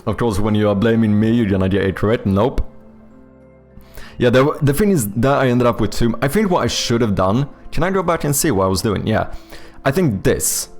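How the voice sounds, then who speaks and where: A man's voice: medium pitch, expressive, normal speed, darkish tone, faint music behind. A man, chatting casually with viewers on a live stream while playing a word game, thinking aloud and swearing freely.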